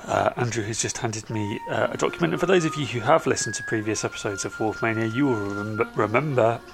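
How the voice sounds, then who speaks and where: A man's voice: fairly low pitch, quick pace, gravelly, over music. A man co-hosting a podcast, trading dry, wry banter in casual chat. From England. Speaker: podcast co-host.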